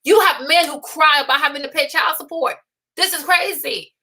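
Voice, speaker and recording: A young woman with a high, bright voice hosts her own talk stream. She lectures bluntly and scolds her listeners, launching into animated rants and mocking the people she quotes. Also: normal speed. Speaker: host. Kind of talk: unscripted opinion livestream.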